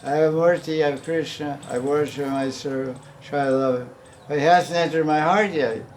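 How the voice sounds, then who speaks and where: Slight background noise accompanies a man with a steady, slightly high voice at normal speed. Teaching a devotional class casually, he often laughs and acts out the pleas he quotes.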